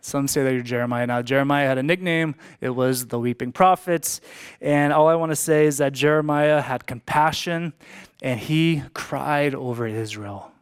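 A man's voice: medium pitch, normal speed, smooth. A man preaching a sermon as a pastor, emphatic, repeating key lines for emphasis.

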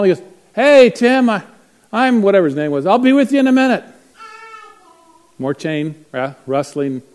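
A man speaking to a live class, telling a story with lively acted-out voices. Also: high-pitched. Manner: animated, acts out voices in his stories. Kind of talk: storytelling talk to a live group.

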